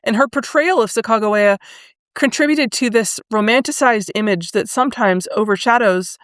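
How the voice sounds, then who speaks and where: A woman's voice: a little high, fairly bright tone, no room sound. Woman, podcast host, reflective history commentary, casual fillers, dry close sound. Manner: thoughtful, conversational, with fillers and pauses.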